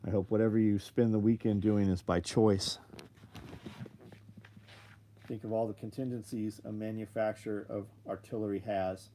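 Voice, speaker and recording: A man's voice: fairly low pitch, fairly even intonation, moderate pace, pauses often, dark tone, a little hiss or hum. Casual, profane man hosting a livestream. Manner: loose, profane, reads chat aloud. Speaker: livestream host.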